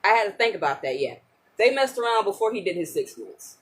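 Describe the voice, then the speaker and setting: A young woman telling a personal family story in casual talk, halting and repeating words as she goes. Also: mid-range voice, sing-song.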